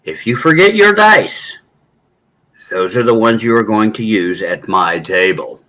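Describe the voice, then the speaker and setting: A middle-aged man chatting casually with viewers from a hotel room, rambling and halting, often clearing his throat. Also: on the low side, animated, sharp tone, poor audio. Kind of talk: casual chat.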